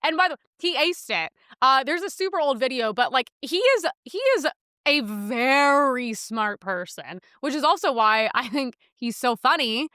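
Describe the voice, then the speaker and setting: A woman's voice: high-pitched, animated, unhurried, sharp tone, no echo, clean studio sound. A young woman hosting a podcast, talking casually and sarcastically about the news, with frequent laughs. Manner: chatty, sarcastic, laughs often. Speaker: podcast host. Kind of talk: casual political commentary.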